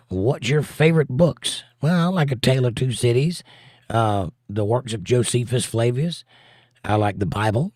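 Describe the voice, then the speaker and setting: A man's voice: medium pitch, a little mellow, dry recording, clean studio sound. A man hosting a casual live stream, reading viewer comments aloud and joking back at them. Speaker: livestream host.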